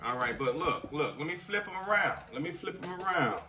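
A man's voice: on the high side, expressive, a little fast. A man, a chef, chatting his way through a casual food review at home and constantly addressing viewers as "y'all.". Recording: voice a bit far from the mic.

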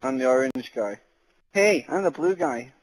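A man on a headset in game party chat, loud and laughing, teasing his mates crudely. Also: mid-range voice, expressive, normal speed, slight background noise, low-quality recording. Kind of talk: casual gaming banter.

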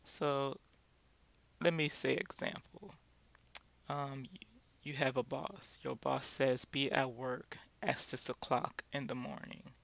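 Guy running a bible meetup, gravelly voice, takes his time, lots of ums. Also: mid-range voice, a bit bright. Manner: slow, halting, many fillers and restarts. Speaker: Bible study leader. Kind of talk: casual teaching talk.

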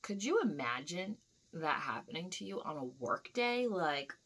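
A young woman vlogger telling a dream story in a casual, animated way, swearing freely and acting out the scenes. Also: fairly low pitch, unhurried, husky.

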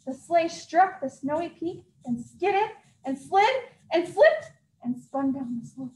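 A woman librarian reading a story aloud at a children's story time, very expressive and acting out sound effects. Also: very high-pitched, takes it slowly. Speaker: youth services librarian. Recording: echoey room.

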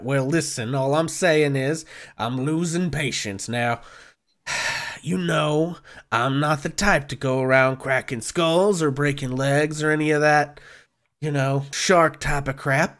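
A man voicing a gruff, impatient armored loan shark who threatens a debtor in a tabletop game. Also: a little high, measured pace, a bit bright. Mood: menacing. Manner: menacing, impatient, growling whisper at the end.

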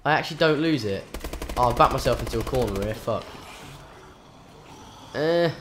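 A man's voice: medium pitch, expressive, fast talker, background noise. A man commentating his own game live, swearing often, with frustrated outbursts and panicked yelps. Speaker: gaming channel host.

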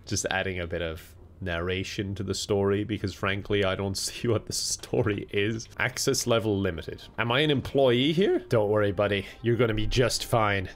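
A man's voice: lowish voice, normal speed. An Irish man commentating a video game with sarcastic jokes and frequent laughter. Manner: sarcastic, jokey, laughs a lot. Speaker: gaming YouTuber.

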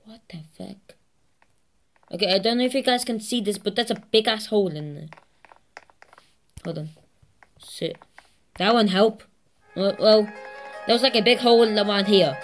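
A woman hosting a gaming channel, giving excitable let's-play commentary, swearing constantly and laughing at herself. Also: mid-range voice, normal speed, pauses often, soft background music.

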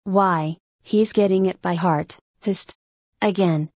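A woman's voice: on the low side, slow, a little mellow, no room sound. A woman reading the part of a jaunty male sailor who rambles wryly to himself in an audiobook. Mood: musing. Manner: wry, rambling soliloquy.

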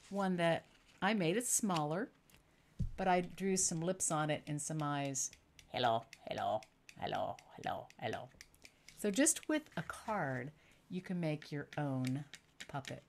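A middle-aged woman storyteller guiding young children through a simple craft and answering their questions slowly and clearly. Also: medium pitch, slight background noise. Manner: warm, patient, slow and clear for young children.

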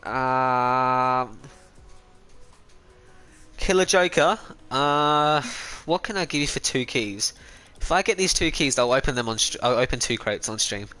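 Bright-voiced Australian streamer man. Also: mid-range voice, smooth. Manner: rambling, chatty, talks to chat between trades. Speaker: gaming streamer. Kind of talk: casual live-stream chat while trading. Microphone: personal streaming mic.

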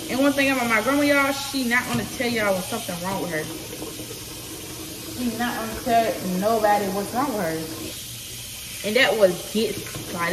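A young woman tells a personal story to her viewers in a slow, halting way, full of fillers. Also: medium pitch, noisy background. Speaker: vlogger. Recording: echoey room from a distance, running water.

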